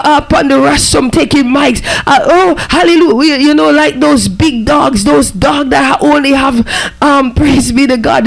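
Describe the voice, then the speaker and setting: A man's voice: very high voice, creaky, low-quality recording. A man preaching a fervent sermon, breaking in often with amen and praise be to God.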